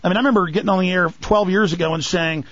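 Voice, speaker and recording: A man with a high voice hosts a talk radio show, excitable and sarcastic, and keeps slipping into mocking falsetto imitations. The sound is dry and close, with the muffled, dull quality of a radio broadcast. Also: very fast, dry recording. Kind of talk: heated talk radio conversation.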